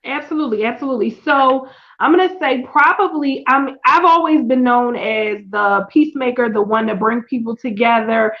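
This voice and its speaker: A woman guest in a casual chat, playful and expressive. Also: fairly high pitch, normal speed, lo-fi sound.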